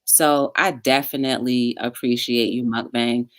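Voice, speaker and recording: A woman hosting a casual online interview show, speaking in an encouraging, unhurried way with plenty of "um"s. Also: very deep voice, steady tone, no echo, studio quality. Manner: encouraging, filler-heavy, drawn-out phrasing. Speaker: talk show host.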